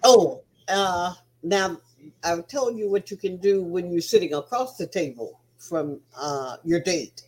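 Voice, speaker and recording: A woman's voice: lowish voice, unhurried, darkish tone, slightly rough, rough recording. An older woman, the host's mother, giving frank, motherly advice as a guest co-host in casual chat.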